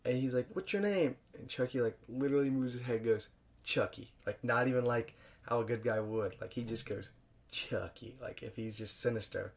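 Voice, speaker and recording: A young man hosting a podcast, reviewing a film alone in a loose, profane, chuckling way and jumping louder for emphasis. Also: mid-range voice, flat delivery, fairly quick. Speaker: podcast host. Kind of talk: casual solo film review.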